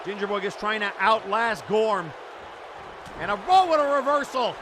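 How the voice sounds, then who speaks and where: A man calling a wrestling match play by play, often breaking into excited shouts. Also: high-pitched, moderate pace. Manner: excitable, shouting during big moments. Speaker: wrestling commentator. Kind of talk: play-by-play commentary. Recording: crowd and loud background noise.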